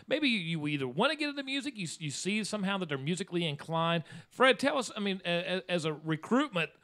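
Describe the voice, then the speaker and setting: Animated bright-voiced man hosting. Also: sits high, fast. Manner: animated storyteller, acts out quotes. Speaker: podcast host. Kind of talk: casual family podcast chat.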